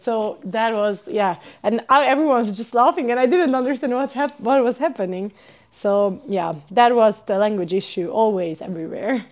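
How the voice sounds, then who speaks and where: A young woman from Hungary, a podcast guest telling stories in casual chat, animated and full of fillers. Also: a little high, normal speed. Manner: animated storyteller, many fillers and laughs.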